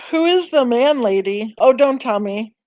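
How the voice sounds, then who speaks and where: Woman, true crime live-chat host, unhurried, rambling, sighing and tired, dry and dull recording. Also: high voice, very animated, darkish tone, no echo. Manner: rambling, thinking aloud while browsing. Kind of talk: casual live-stream chat.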